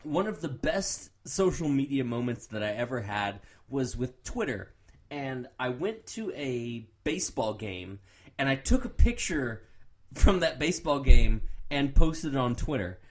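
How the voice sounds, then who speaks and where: A man's voice: mid-range voice, measured pace. A young man co-hosting a podcast, telling stories in casual chat and laughing easily. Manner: lively, laughing storyteller. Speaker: podcast co-host.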